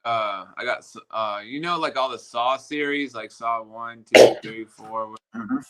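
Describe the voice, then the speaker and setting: A man's voice: mid-range voice, normal speed, fairly bright tone. A man chatting casually, speaking in a hesitant, laid-back way. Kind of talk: casual chat.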